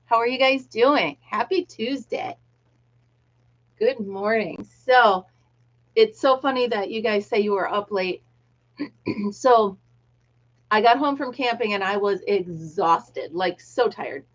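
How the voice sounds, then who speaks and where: On her livestream, a middle-aged woman from the United States laughs frequently and welcomes viewers by name during casual chat. Her voice is fairly high, captured with lo-fi audio.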